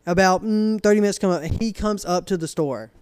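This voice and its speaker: A man's voice: sits high, fairly quick, clear, resonant tone, no room sound. A young man, casually telling a story on a podcast and acting out the people in it with a raised voice. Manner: animated, acts out quotes in a raised voice. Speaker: podcast co-host.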